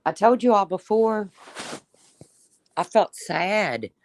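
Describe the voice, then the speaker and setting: A woman's voice: medium pitch, expressive, takes it slowly, a little hiss or hum. A woman hosting a casual livestream, chatting and teasing as she answers viewers by name. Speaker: livestream host. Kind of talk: casual livestream chat reading viewer comments.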